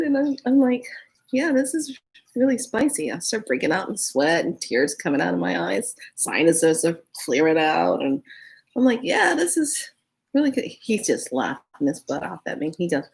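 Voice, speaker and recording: Woman vlogger, low-pitched, chatty storyteller, earnest about manifestation. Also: gravelly. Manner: animated storytelling, acts out her own reactions; earnest advice on energy and manifestation. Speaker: spiritual vlogger. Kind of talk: casual storytelling monologue.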